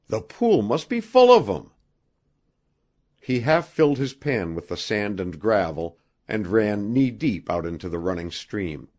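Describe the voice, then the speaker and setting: A man reading an adventure novel aloud as an audiobook narrator, with expressive storytelling. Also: on the low side. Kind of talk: scripted narration.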